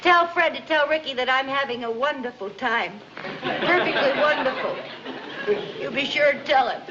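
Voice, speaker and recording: An actress playing a scheming, excitable housewife who gushes out quick apologies in 1950s sitcom style. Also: female voice, high-pitched, crowd noise, noisy background, close to an everyday voice. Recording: muffled old TV soundtrack, studio audience.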